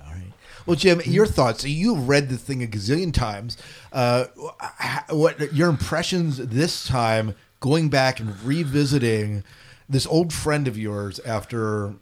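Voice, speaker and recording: A man hosting a casual book podcast, teasing his co-hosts and asking questions. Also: mid-range voice. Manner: playful, teasing, asks questions. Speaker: podcast co-host. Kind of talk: casual book-club chat.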